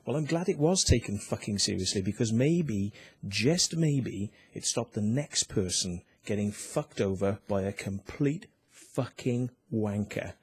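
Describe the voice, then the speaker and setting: Reading a complaint ruling aloud, a man with a British accent launches into an angry vlog rant, mocking and swearing heatedly. He speaks unhurriedly in a fairly low, slightly rough, a little mellow voice with lively intonation.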